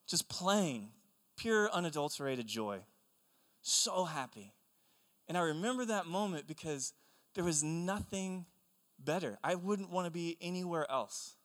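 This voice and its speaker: A young man preaching a sermon, telling stories in an animated, conversational way. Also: a little high. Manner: animated storytelling, excitable and conversational. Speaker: pastor. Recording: long hall reverb.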